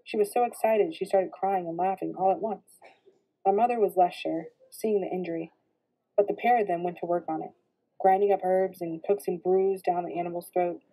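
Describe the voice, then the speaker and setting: A woman reading a novel aloud in steady first-person narration. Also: lowish voice, normal speed, low-quality recording. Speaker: reader.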